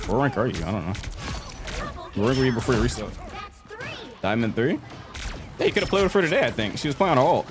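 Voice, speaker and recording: Music plays as a young game streamer chats in an animated, mid-range voice, talking fast but pausing often. Laughing a lot, he jokes and teases a viewer, with game sounds and noise behind him.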